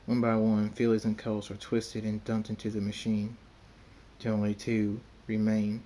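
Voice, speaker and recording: A man reading his own fan fiction story aloud in the first person, halting and repeating words. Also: fairly low pitch, monotone, mellow, slight background noise.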